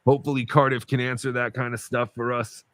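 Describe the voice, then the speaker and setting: A man's voice: medium pitch, level tone, fast, a bit bright, no room sound. A man co-hosting a podcast, chatting casually and rambling with many asides. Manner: rambling, lots of fillers and asides. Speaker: podcast co-host. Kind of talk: casual chat.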